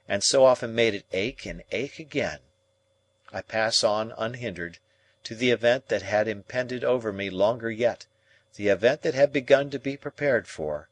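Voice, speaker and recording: A man narrating a classic novel as an audiobook, reading in a measured, reflective way. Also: mid-range voice, no room sound.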